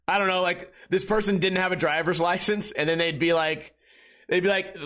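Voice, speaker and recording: High-pitched guy in his 30s, sarcastic rambling rant, swears a lot, podcast host. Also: fairly even intonation, normal speed, fairly bright tone. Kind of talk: casual ranting monologue.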